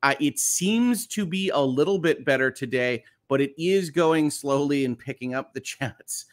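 A man's voice: on the high side, measured pace. A man hosting a morning livestream on legal news, chatty and upbeat as he greets viewers and reads their comments aloud. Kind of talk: casual livestream chat.

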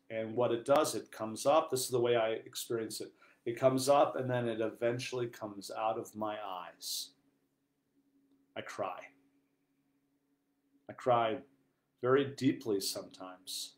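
A priest giving an earnest sermon, moving between quiet, hushed passages and loud, emphatic ones. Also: male voice, medium pitch, unhurried. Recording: echoey room.

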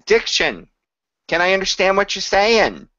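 A male voice coach talking to camera at an unhurried, deliberate pace. His voice is mid-pitched and close and dry, with no room around it. The recording is dull and a little lo-fi. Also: sing-song, sharp tone, dry recording. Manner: explains slowly, sings short examples to demonstrate. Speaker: voice teacher. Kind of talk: instructional talk to camera.

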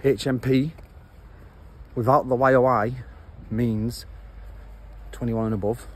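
Slow and steady, a man with a medium-pitched voice chats bluntly in slang as he films himself on a handheld phone. He is walking outdoors along a road for a casual vlog, and traffic noise is audible.

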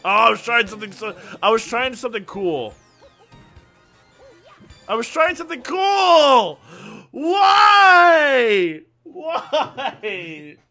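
A young man giving excited, laughing commentary while playing a game with a friend. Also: extremely high pitch, a little slow, long pauses, soft background music. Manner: shouting, laughing, hyped. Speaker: gaming YouTuber.

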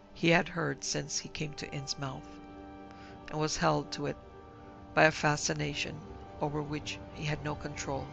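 A man giving measured, grave scripted narration of a horror story. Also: fairly high pitch, gravelly, a bit bright, poor audio.

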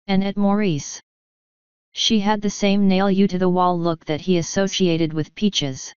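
A woman narrating an audiobook in a calm, even storytelling manner. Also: mid-range voice, unhurried, clear, resonant tone, no echo, highs cut off. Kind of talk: scripted narration.

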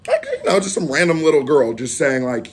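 A man hosting a casual reaction video, excitable with loud outbursts, a little out of breath. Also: a little high, a little fast, background noise. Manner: excitable, loud outbursts and chanting between talk.

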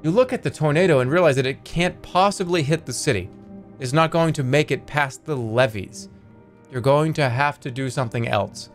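A man's voice: a little high, moderate pace, soft background music. A man streaming a text game, reading its lines aloud with wry, joking asides and free swearing.

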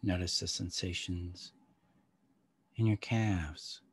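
Husky low-voiced man guiding a meditation. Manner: slow, calm, soft-spoken instructions with long pauses. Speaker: somatic practice guide. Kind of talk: guided somatic meditation.

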